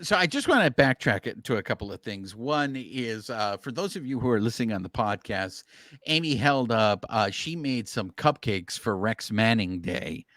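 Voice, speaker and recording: A man co-hosting a podcast, explaining things at length in casual, animated chat with filler words. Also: on the low side, normal speed, dry recording, studio quality. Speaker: podcast co-host.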